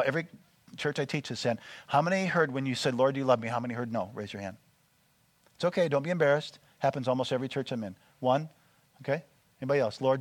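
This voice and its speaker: A man's voice: medium pitch, no room sound. A man preaching to a small church group, coaching them through listening exercises with frequent check-ins. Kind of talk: teaching sermon with group exercises.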